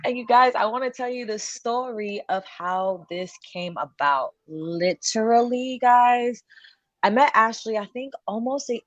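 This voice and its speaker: A woman's voice: fairly high pitch, expressive, measured pace, a bit bright, no echo, highs cut off. Chatty woman hosting a webinar. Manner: chatty, laughing, lots of filler "like". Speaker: session host. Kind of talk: casual webinar introduction.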